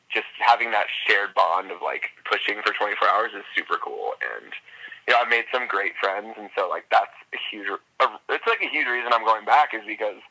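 A man with a fairly low but very bright, sharp voice, chatting as a podcast guest. He talks in an upbeat, rambling way, peppering every thought with fillers. His voice comes through a phone-like line. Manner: chatty, upbeat, full of fillers like "like" and "you know". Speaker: podcast guest, endurance runner. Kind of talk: casual interview chat.

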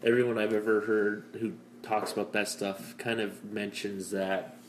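Cynical, chuckling podcast host, roomy sound. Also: male voice, lowish voice, level tone, normal speed. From Canada. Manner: cynical, self-mocking, laughs often. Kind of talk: casual podcast chat. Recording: roomy room with faint noise.

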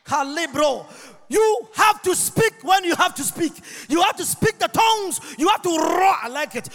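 High, bright-voiced preacher shouting in a hall. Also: male voice. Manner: shouts and chants, sings phrases, mimics people. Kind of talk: lively sermon with shouting. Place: church. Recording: long reverb of a church hall.

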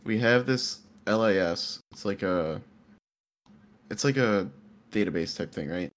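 Low-voiced man telling a rambling story. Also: animated, a little slow. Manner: rambling storyteller with many fillers. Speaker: IT worker. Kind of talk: casual chat.

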